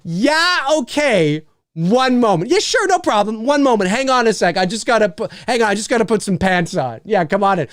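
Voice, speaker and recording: A man's voice: high voice, very animated, normal speed, a bit bright, no room sound, clean studio sound, pitched above the performer's own voice. A man doing an eager, overly obliging homeowner. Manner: overly obliging, then suddenly crude. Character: eager male homeowner on an intercom.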